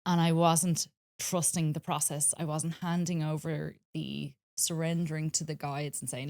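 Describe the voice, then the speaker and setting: Earnest woman, low voice. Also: flat delivery, moderate pace, gravelly, hardly any pauses, a little mellow, no echo, clean studio sound. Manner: earnest, rambling storyteller with many ums. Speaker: spiritual wellness guest. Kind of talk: casual podcast conversation.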